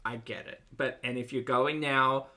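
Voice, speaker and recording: A woman's voice: a bass voice, steady tone, moderate pace, pushed and bright. A woman streamer reacting live to a video, with dry, sarcastic asides to her chat.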